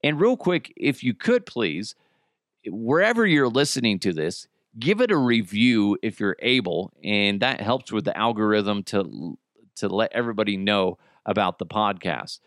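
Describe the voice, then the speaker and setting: A man's voice: on the low side, very animated, unhurried, a bit bright, no room sound, clean studio sound. A man hosting a solo comedy podcast, rambling and self-deprecating, with frequent swearing. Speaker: podcast host.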